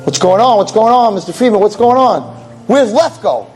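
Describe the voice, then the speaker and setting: A man's voice: sits high, lively intonation, normal speed, darkish tone, soft background music, voice pushed up. Man doing a worried nurse lady, raised anxious voice, lots of ups and downs. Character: worried female hospital nurse.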